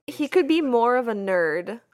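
A woman in casual conversation, rambling through movie scenes with lots of "like" and quick retellings. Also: a little high, sing-song. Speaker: co-host of a movie discussion. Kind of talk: casual chat.

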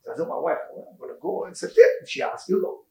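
A man teaching an informal Torah class, telling stories in lively, broken English sprinkled with Hebrew terms. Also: sits high, quick pace. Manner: animated storytelling, non-native English with Hebrew terms. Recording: echoey room.

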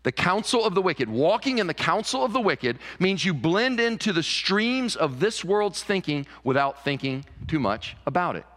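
A man preaching a sermon as pastor, animated, often repeating words as he builds a point. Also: high voice, moderate pace, few pauses, long reverb tail. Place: church sanctuary.

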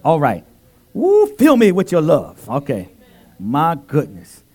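A man preaching a sermon in a church into a handheld mic, calling out to the congregation and swinging between loud exclamations and soft asides. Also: on the high side, wildly swooping pitch, takes it slowly.

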